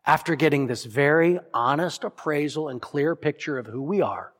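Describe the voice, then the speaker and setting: Pastor preaching in a reverberant hall. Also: male voice, fairly high pitch, normal speed. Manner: emphatic, voices imagined prayers, drops to soft solemn lines. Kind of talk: sermon.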